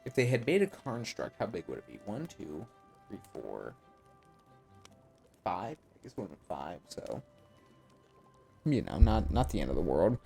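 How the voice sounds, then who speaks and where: A man streaming a card game, giving live gameplay commentary while talking to his chat in a self-mocking, animated way. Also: sits low, unhurried, creaky, pauses often, soft background music.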